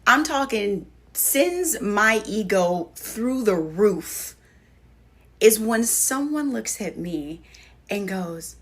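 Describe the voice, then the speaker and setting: Husky-voiced woman chatting animatedly. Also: mid-range voice, drawn-out words. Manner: animated, playful, acts out quotes. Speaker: social media commentator. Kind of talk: casual chat to camera.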